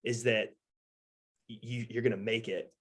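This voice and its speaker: A man's voice: mid-range voice, level tone, normal speed, a bit bright, breathy edge. A middle-aged man and guest co-host speaking openly and earnestly in a casual podcast conversation. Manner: earnest, open and heartfelt.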